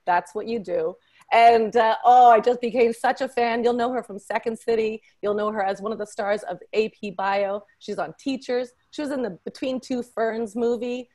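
A woman hosting a podcast, introducing a panel with effusive, excitable energy and playful teasing. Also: fairly high pitch, normal speed. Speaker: podcast host.

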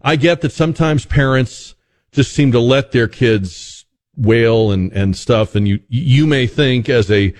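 A man's voice: medium pitch, measured pace. A man hosting a talk radio show, joking wryly with a lot of restarts. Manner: wry, joking, animated with many restarts.

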